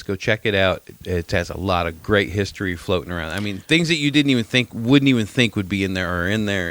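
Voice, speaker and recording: A man's voice: fairly low pitch, a bit bright. A middle-aged man co-hosting a podcast, telling a story in rambling casual chat, repeating himself and swearing now and then. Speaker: podcast co-host.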